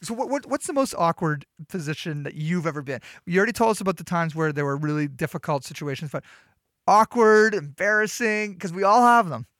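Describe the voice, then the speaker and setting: A man co-hosting a podcast, telling an animated story in a casual chat. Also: sits high, brisk, no room sound, clean studio sound. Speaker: podcast co-host.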